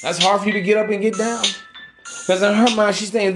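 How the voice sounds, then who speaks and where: A man with a slightly raised pitch delivers a blunt advice monologue as a podcast host, swearing freely and preaching his points with force. Music plays clearly beneath his voice. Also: fairly quick. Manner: profane, emphatic, preachy street talk. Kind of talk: motivational dating advice monologue.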